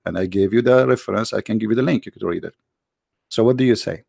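A man with a gravelly, rough-edged voice hosts a heated call-in debate. He presses insistently, repeats his questions and cuts in, with a sarcastic edge. The sound is close and dry. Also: fairly low pitch, quick pace, a little mellow, dry recording. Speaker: debate host.

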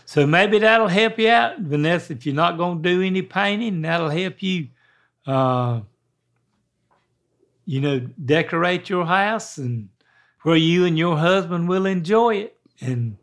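Folksy older man, high voice. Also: lively intonation, measured pace, a bit bright. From American South. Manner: folksy, rambling, clears throat often. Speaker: guest father giving advice. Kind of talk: casual chat.

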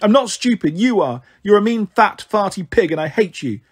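A loud, bratty little boy yells and whines in a high, slightly husky voice, as a man reading a storybook puts him on. He is small and defiant, shouting his protests. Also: expressive, moderate pace. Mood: wailing. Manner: shrill, yelling, whining.

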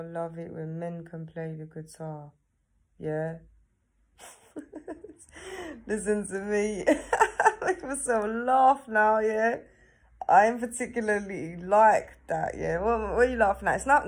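A woman talking casually to herself on camera, chatty and laughing often, tagging her sentences with questions. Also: lowish voice. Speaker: vlogger. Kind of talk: casual self-talk to camera.

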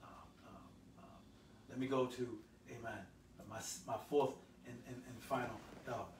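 A male pastor preaching a sermon, swelling loud on scripture and dropping low for "help me, somebody.". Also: measured pace, background noise. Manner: call-and-response preaching, swells loud then drops low. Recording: echoey room, voice from a distance.

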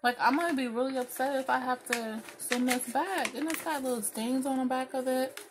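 A woman's voice: high-pitched, fairly even intonation, fairly quick, noisy background. A woman vlogger and small business owner, chatting casually to viewers as she unboxes packages and vents her frustration, cussing freely.

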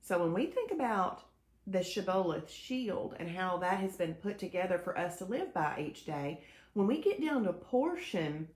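A woman's voice: mid-range voice, darkish tone. A woman hosts a live show, cheerfully greeting viewers by name and mixing in devotional teaching. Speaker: host of a faith-based weight-loss live show. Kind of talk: casual live-stream chat, reading viewer comments. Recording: echoey room.

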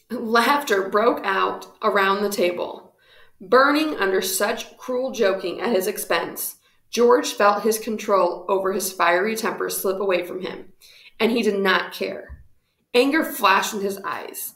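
A woman reading a historical storybook aloud in steady, measured narration. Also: mid-range voice, echoey room.

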